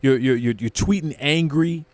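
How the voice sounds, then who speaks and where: With a fairly high-pitched but darkish voice at normal speed, a wrestling show host rants to camera in mock outrage. His heavy sarcasm builds as he repeats words, and the recording is dry.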